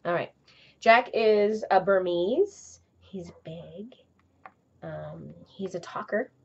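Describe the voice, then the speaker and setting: A woman's voice: medium pitch, lively intonation, slow pace, vocal fry, darkish tone, muffled recording. A woman hosting a crafting vlog from home, chatting casually and rambling with lots of ums and asides. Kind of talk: casual chat to camera.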